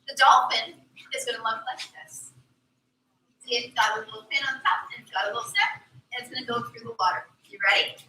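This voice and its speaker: Young woman mermaid host talking to kids, high bright voice, echoey far off mic. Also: fairly quick. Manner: animated, sing-song teacherly talk to children. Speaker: mermaid performer teaching children. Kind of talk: live aquarium show for kids. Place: aquarium tank area with audience. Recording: echoey room from far off, faint ambience.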